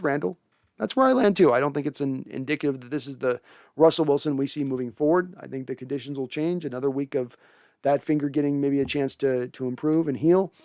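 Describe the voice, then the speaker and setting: A young man hosts a casual fan show, reading out comments and answering with opinionated takes. His voice sits a little high and comes through smooth and resonant. The sound is dry and close. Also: darkish tone, no room sound. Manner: conversational, opinionated, frequent restarts. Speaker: sports podcast host reading viewer comments.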